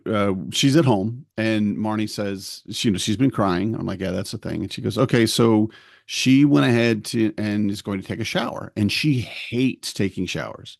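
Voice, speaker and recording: Man, middle-aged, podcast co-host, gravelly, low voice, rambling storyteller. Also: moderate pace, dry recording, studio quality. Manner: rambling storyteller, acts out family dialogue. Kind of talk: casual chat.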